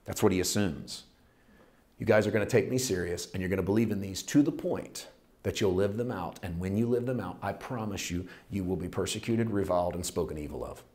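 A man preaching a sermon in a conversational, folksy way, building to loud, fervent passages. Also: low-pitched, fairly quick. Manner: folksy, plain-spoken phrasing. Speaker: pastor.

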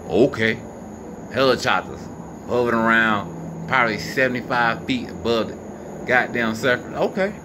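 A man filming the night sky on his phone outdoors, giving excited and profane running commentary to his viewers. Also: medium pitch, moderate pace. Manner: animated, profane, incredulous, talks to viewers. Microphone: phone camera. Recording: noisy outdoor phone recording. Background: crickets and insects, passing vehicles.

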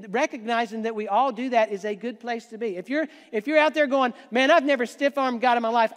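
A man giving a conversational sermon as pastor, joking asides to the congregation. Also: very high-pitched. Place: church sanctuary. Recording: long church hall reverb.

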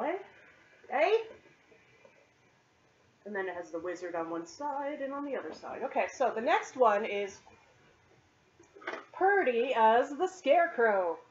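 At home in her condo, a doll-collecting vlogger gives a chatty, rambling, self-deprecating show-and-tell while sweaty from cleaning. Her voice is a little high; the recording loses the highs and carries a slight hiss or hum.

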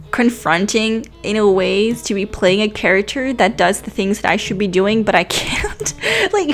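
A woman in her twenties giving chatty, self-deprecating commentary over gameplay, often laughing. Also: mid-range voice. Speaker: gaming YouTuber.

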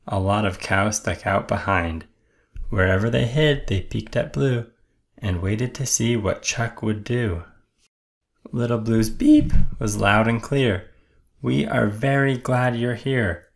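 Storytime dad: unhurried, gravelly, gentle rhyming reading. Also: male voice, fairly low pitch. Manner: gentle, rhythmic rhyming delivery. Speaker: children's storyteller. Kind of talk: bedtime read-aloud.

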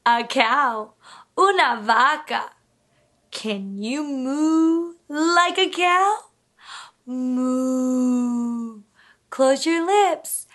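A woman who is a bilingual speech therapist, teaching toddlers slowly in a sing-song, exaggerated way and making animal sounds. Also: sits high, pushed and bright. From United States. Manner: sing-song, exaggerated, switches between English and Spanish.

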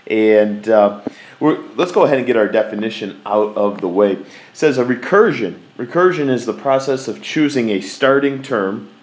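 A man's voice: mid-range voice, lively intonation, normal speed. A man teaching a math lesson in a folksy way, repeating key words for emphasis. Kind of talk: classroom lecture.

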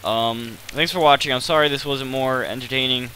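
A man's voice: mid-range voice, normal speed, bright, forceful tone, a little hiss or hum, poor audio. A man giving rambling, self-deprecating commentary over his gameplay, hesitant and full of fillers. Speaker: gaming channel host.

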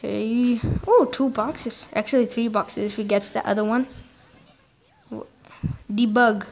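Excitable woman commentating gameplay. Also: a little high, a little slow, creaky, slight background noise. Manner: excitable, exclamatory reactions.

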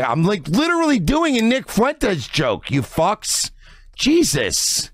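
A man's voice: sits high, wildly swooping pitch, takes it slowly, no room sound, studio quality. Drunk, whiny man on stream. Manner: whiny, aggrieved, slurring. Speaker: streamer in clip.

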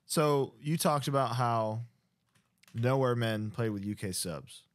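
A man's voice: mid-range voice, slow pace, no echo. Joking, easygoing man host. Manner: relaxed, joking asides. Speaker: podcast host. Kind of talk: casual interview.

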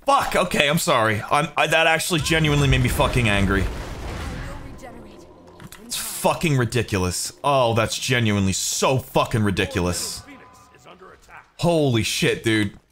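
A young man giving profane, excitable live commentary over his own gameplay, swinging into frustrated shouts. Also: mid-range voice, normal speed, long pauses. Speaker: gaming commentator. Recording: game music playing underneath. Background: game music.

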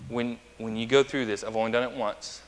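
A man's voice: medium pitch, steady tone, brisk, a little hiss or hum. A male pastor preaching a conversational sermon, chatty and anecdotal, who asks the congregation questions. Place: church sanctuary. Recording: long church reverb.

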